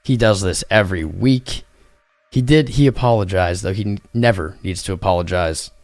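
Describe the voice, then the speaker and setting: A man's voice: low voice, normal speed, a little mellow, no echo, soft background music. A tired man hosting a livestream, chatting casually in a rambling, jokey way. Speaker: crypto livestream host.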